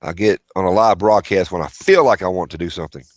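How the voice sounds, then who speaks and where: Low-voiced man rambling through a livestream. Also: fast talker, no room sound. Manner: rambling, reads out viewer chat and greets viewers by name. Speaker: livestream host. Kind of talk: casual livestream chat.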